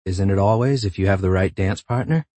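Voiced by a man, an easygoing, patient young man delivers his lines deadpan. His voice is low, warm and husky. The sound is dry and close. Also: brisk, no echo. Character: patient, steady young man, nervous underneath.

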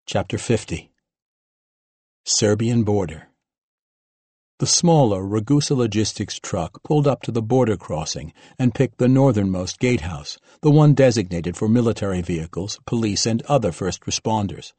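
Low-voiced man narrating a thriller. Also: expressive, normal speed, warm tone, slightly rough, no echo. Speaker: audiobook narrator. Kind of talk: scripted narration.

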